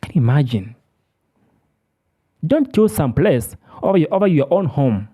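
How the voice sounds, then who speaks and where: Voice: mid-range voice, sing-song, normal speed, mellow, husky. A speaker from Africa, delivering an impassioned, preachy monologue and repeating words for emphasis. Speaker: commentator.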